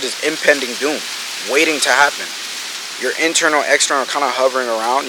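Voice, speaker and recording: A man's voice: medium pitch, noisy background. Swearing young man giving a pep talk. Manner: energetic, swearing, acts out friends' talk. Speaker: business coach vlogger. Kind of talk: casual motivational monologue.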